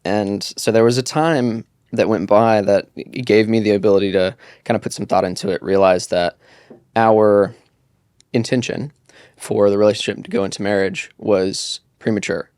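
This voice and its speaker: Low-voiced reflective man in a dry room. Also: fairly even intonation, darkish tone, clean tone, dry recording. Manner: reflective, halting with fillers. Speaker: guest. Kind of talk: casual podcast chat.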